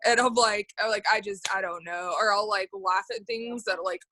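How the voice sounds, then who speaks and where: A young woman in casual group conversation, animated and acting out quoted people as she talks. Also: mid-range voice, normal speed, no room sound. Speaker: support group member.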